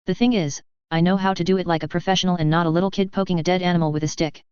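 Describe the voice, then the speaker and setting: A woman's voice: on the low side, steady tone, very fast, darkish tone, smooth, dry recording, dull audio, lightly acted. A woman reading as a wry laid-back male trooper. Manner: casual, sarcastic and easygoing.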